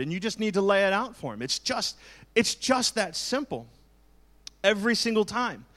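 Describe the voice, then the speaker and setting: Male pastor in his forties, fairly high voice, preaches candidly with jokes and asides. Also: expressive, brisk, fairly bright tone. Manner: candid, joking, conversational preaching. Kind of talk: sermon.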